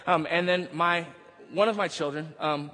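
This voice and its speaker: A man's voice: on the high side, fairly even intonation, normal speed, bright, forceful tone. A male pastor preaching a sermon, moving from casual storytelling into emphatic preaching. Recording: long hall reverb.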